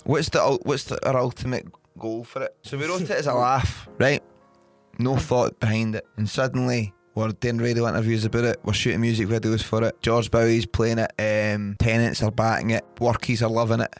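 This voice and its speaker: A Scottish man in casual podcast chat, at an ordinary pitch and with easy, rambling delivery. He jokes and swears freely, and his talk stays loose and relaxed. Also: a little fast, soft background music. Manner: laid-back, sweary, jokey. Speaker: podcast co-host.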